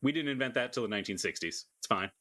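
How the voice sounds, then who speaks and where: A man's voice: mid-range voice, lively intonation, rapid-fire, pushed and bright. A man narrating a tabletop role-playing game as game master, with wry joking asides.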